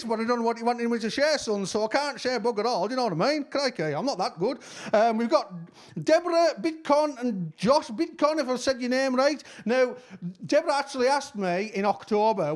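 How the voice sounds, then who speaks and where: A man with a Cumbrian accent, chatting casually as he reads out shout-outs, rambling and using broad dialect words, his voice a bit worn. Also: extremely high pitch, a little fast. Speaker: musician giving shout-outs. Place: at home.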